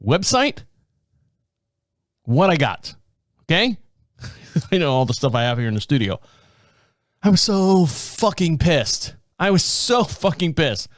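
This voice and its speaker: A middle-aged podcaster rambles through exasperated, swear-filled stories in a casual solo rant from his home studio. He sounds a little high and very animated at normal speed with long pauses, and the recording is dry and close.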